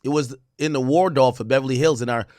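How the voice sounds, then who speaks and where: A man hosting a stream, reading court testimony aloud and reacting with profane, animated commentary. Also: mid-range voice, fast talker, no echo, studio quality. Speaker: streamer host.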